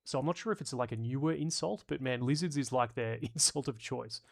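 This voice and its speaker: A man with a gravelly edge to his voice, talking through a casual live stream at a middling pitch. He reads out viewer comments and riffs on them, joking and swearing as he rambles along. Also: a little fast. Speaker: streamer host.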